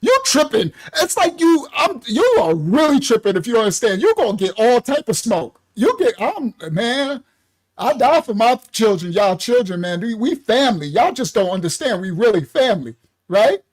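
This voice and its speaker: Male ministry leader on a casual livestream; slangy, laughing, acts out voices, very lively pitch. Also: moderate pace. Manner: animated, laughing, heavy slang.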